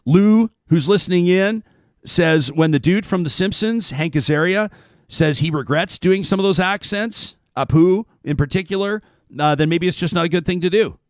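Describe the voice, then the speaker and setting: A man hosting a talk radio show, reading listener emails aloud and then thinking aloud with halting restarts. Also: sits high, dry recording. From Canada.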